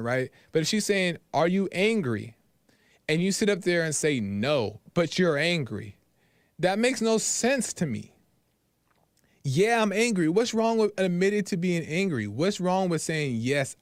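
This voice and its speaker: A man's voice: a little high, clear, resonant tone, dry recording, studio quality. Earnest opinionated man hosting a call-in show. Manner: earnest, opinionated, repeats points. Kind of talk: casual call-in talk.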